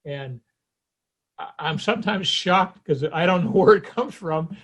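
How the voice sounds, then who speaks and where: A man's voice: high voice, expressive, a little slow, fairly bright tone. A man who is a guest on an interview show, telling personal stories in a reflective way and chuckling at his own memories. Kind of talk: conversational interview.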